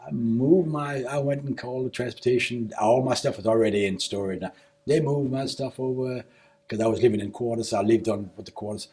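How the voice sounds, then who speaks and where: An older man being interviewed for an oral history, recounting his past in a casual, animated way and acting out the dialogue. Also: medium pitch, a little fast, breathy edge. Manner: animated storyteller who acts out quoted dialogue. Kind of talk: casual spoken recollection.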